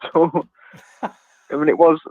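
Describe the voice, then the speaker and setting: A man's voice: on the high side, flat delivery, normal speed, dry recording. A man calling in to a live chat show, teasing the host and laughing. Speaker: caller. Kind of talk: casual chat over a call. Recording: dry, tinny phone-like line.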